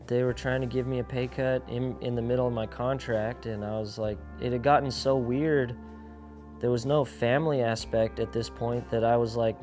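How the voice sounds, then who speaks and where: Faint music sits behind this young pro skateboarder's medium-pitched, slightly mellow voice, which stays flat at a normal speed. He speaks frankly and casually about his life, leaning on slang and constant "like," and voices the dialogue of the people in his story.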